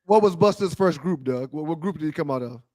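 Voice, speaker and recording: A man's voice: on the high side, animated, darkish tone. A man co-hosting a casual talk show, teasing his co-hosts. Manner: teasing, quick. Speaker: co-host. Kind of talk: casual sports talk banter.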